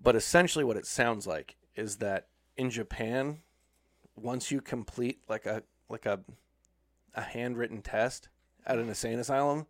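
A man's voice: mid-range voice, normal speed. Man, casual chat, storytelling, acts out quotes. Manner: animated storytelling, acting out quoted voices.

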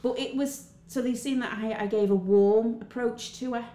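A woman's voice: fairly high pitch, moderate pace. An actress, chatting as an interview guest and acting out the dialogue as she tells her stories. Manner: animated storyteller, acts out dialogue. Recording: echoey room with faint ambience.

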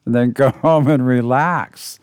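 A man co-hosting a casual podcast, telling a story at a relaxed, rambling pace with lots of "uh" fillers. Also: mid-range voice, unhurried, smooth, no echo.

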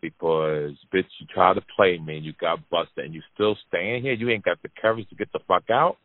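A man hosting a podcast, telling a long personal story to his audience in a lively, profane way, repeating lines for emphasis. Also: deep voice, fairly quick, dry recording. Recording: dry, phone-like narrow sound.

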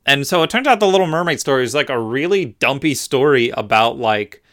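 A male podcast co-host chats casually in a bright, crisp, clear and smooth mid-range voice, talking a little fast. He's animated and full of jokes, leaning heavily on filler words.

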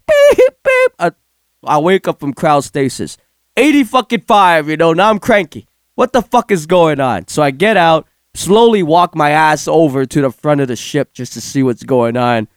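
Male storyteller, high and lively, profane, laughing as he talks, dry close recording. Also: moderate pace, smooth, no room sound. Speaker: storyteller recounting a game session. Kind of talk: casual chat.

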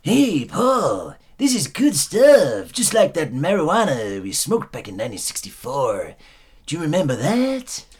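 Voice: medium pitch, huge pitch swings, unhurried, husky, exaggerated voice. A comedian doing a drawling, slurring old folk singer. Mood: reminiscing. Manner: nasal, drawling, slurred, ends lines with "man". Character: impression of a mumbling older male folk-rock singer. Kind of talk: comedy sketch impression.

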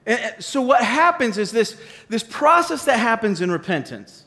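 A man's voice: extremely high pitch, sing-song, normal speed, pushed and bright. A man in his forties, a pastor giving a joking, conversational sermon to his congregation on a worn mic. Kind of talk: sermon with a live demonstration. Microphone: wearing a mic. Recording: long reverb of a large hall.

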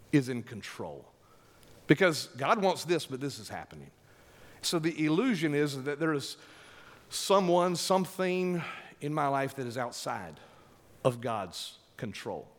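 Man preaching slow and emphatic, voice swings up and down a lot, long echo like a big hall. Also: medium pitch. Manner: emphatic, drawn-out delivery with call-and-response to the congregation. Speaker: pastor. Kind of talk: sermon.

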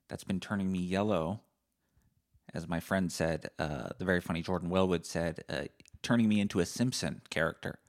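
A man in his thirties hosting a casual solo podcast, sardonic and profane, swinging into loud mock-angry rants. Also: sits low. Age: 30s. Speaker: podcast host.

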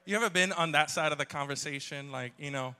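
Male pastor, humorous sermon, bright voice, slightly high, long hall reverb. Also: fast, smooth. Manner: joking, storytelling, audience banter. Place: church hall.

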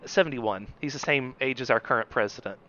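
A man in casual chat, opinionated and quick to jump into comic bits. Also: medium pitch, fairly bright tone. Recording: dull lo-fi sound.

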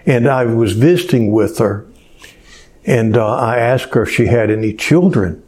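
A man preaching a sermon as pastor, telling a story in a slow, unhurried way. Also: mid-range voice, darkish tone.

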